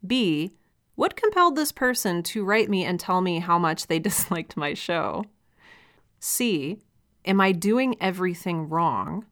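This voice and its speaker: A woman's voice: lowish voice, big pitch swings, measured pace, a bit bright. A young woman hosting a podcast, speaking candidly and reflectively in casual solo talk, with light laughs as she goes. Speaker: podcast host and audio drama creator.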